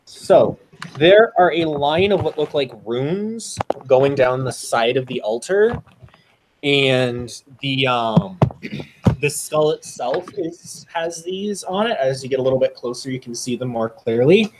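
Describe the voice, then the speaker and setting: Lively-voiced man running a tabletop game. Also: mid-range voice, slow pace, noisy background. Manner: relaxed, chatty, many ums and laughs. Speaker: game master.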